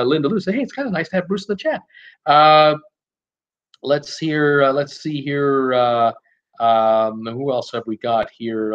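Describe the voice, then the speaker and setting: Chatty man hosting a live stream, slightly high voice. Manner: chatty, many "uh" fillers, greets viewers by name. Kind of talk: casual live chat, reading viewer comments. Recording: dull lo-fi sound.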